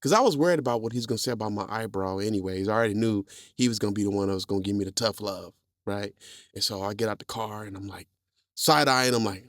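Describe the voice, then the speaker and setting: A man's voice: on the low side, fast, dry recording, clean studio sound. A man, a podcast host, telling a personal story in casual talk. He laughs often, repeats words and acts out the people he quotes.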